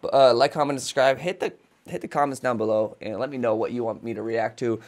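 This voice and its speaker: A man from the Las Vegas area hosting a casual reaction video, profane, slangy and excitable. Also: medium pitch, fast talker.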